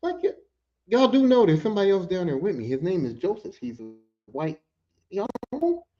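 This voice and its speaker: A man's voice: high-pitched, fairly quick. A man hosting a podcast, telling a work story in a casual, profane way and acting out other people's lines. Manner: animated, profane, acts out quotes in other voices. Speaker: podcast host. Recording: dull lo-fi audio.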